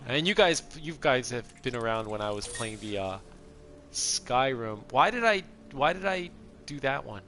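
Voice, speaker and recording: A man's voice: medium pitch, lively intonation, moderate pace, bright, forceful tone, soft background music. A middle-aged man streaming a video game, chatting in a rambling, casual way and laughing often. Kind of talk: casual gameplay chat.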